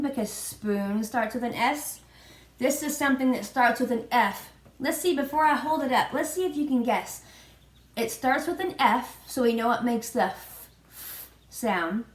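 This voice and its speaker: A woman preschool teacher, pitched a little high, talks very slowly to small children, drawing out each letter in a sing-song lilt. She is recorded in an echoey room. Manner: slow, sing-song prompting with spelled-out letters. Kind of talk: children's virtual lesson.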